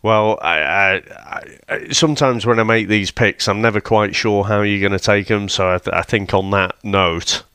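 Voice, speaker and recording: A man's voice: fairly low pitch, moderate pace, few pauses, pushed and bright, clear, resonant tone, no echo, clean studio sound. A man co-hosting a film podcast, giving brief, easygoing replies in casual chat. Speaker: podcast co-host.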